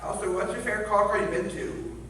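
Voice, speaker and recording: A man in a convention audience asking an earnest, halting question. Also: high-pitched, steady tone, sharp tone, a little hiss or hum. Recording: echoey hall from far off.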